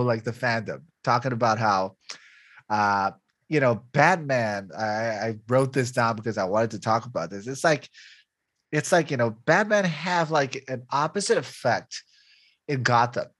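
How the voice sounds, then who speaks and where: Brief: young male podcast co-host, husky tone, lively pitch, casual and giggly. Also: unhurried, no echo. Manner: animated, laughs often, many fillers. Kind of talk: casual chat.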